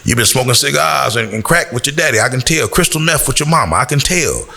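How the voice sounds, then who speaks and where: Speaking fast in an expressive, gravelly, pushed and bright medium-pitched voice, a community speaker from Chicago delivers a blunt, preachy lecture to young people. He rises in pitch on the points he wants to emphasize.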